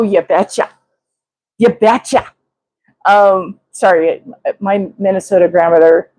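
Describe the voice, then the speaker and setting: An older woman hosting a casual live chat, talking in an excitable, rambling way with many restarts. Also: mid-range voice, no echo, poor audio. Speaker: livestream host.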